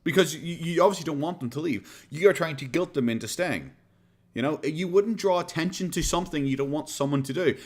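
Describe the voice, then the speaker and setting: A man with an Irish accent commenting casually on a reaction stream, sarcastic and animated, swearing freely. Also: fairly high pitch, brisk.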